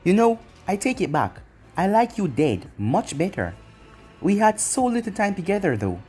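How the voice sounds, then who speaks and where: A reader voicing a cruel young male ninja villain in a fan fiction story, with a taunting, mocking husky delivery. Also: medium pitch, big pitch swings, moderate pace, darkish tone, faint music behind, voice pushed up. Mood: cold.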